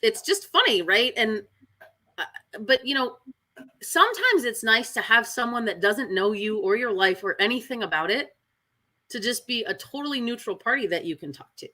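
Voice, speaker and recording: A woman dog trainer talking candidly in casual chat, often tagging her sentences with "right?" and filling pauses with "um". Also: a little high, animated, sharp tone. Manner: candid, frequent fillers and "right?" tags.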